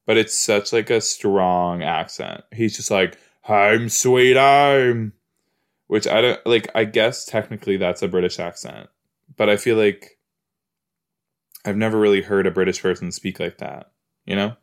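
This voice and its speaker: A podcast host reacts casually while watching a TV episode, rambling and repeating his exclamations, his speech full of "like" and "you know." His voice is on the low side at normal speed.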